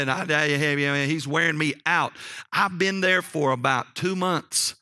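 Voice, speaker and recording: A middle-aged man preaching a sermon, telling personal stories in a folksy, animated way and often checking in with "okay?". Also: on the high side, moderate pace, no echo, studio quality.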